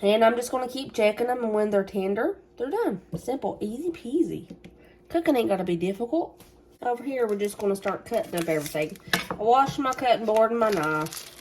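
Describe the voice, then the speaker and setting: A woman's voice: a little high, expressive, brisk, a little mellow, slight background noise. A woman with a Southern US accent, chatting folksily to her viewers while she cooks in her home kitchen. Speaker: cooking vlogger. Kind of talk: casual cooking vlog.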